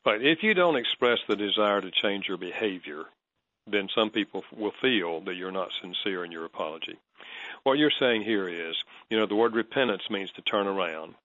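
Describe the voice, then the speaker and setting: A man, a counselor, calmly explaining advice in an interview and telling stories with quoted dialogue. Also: fairly low pitch, dry recording, lo-fi sound. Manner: calm, measured, storytelling with quoted dialogue. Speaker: marriage counselor and author as guest.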